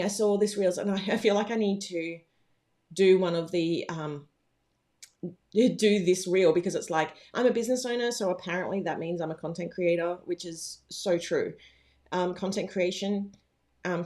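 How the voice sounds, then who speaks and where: A woman's voice: fairly low pitch, a little mellow. Chatty rambling woman hosting a livestream. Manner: rambling, chatty, bubbly with frequent fillers. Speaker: livestream host, planner business owner. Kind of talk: casual livestream chat. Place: home.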